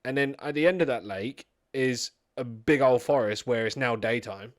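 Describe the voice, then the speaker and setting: A man's voice: medium pitch, normal speed, no room sound, clean studio sound. A man co-hosting a podcast, retelling movie scenes casually with swearing and frequent "right?". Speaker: podcast co-host. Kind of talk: casual chat, movie review.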